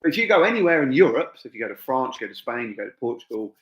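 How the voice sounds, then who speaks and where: A middle-aged English man, a fight promoter and gym owner, chats informally to viewers on a live stream, full of asides and fillers. His mid-range voice is a bit bright, very animated, and very fast. The room sounds echoey and dull.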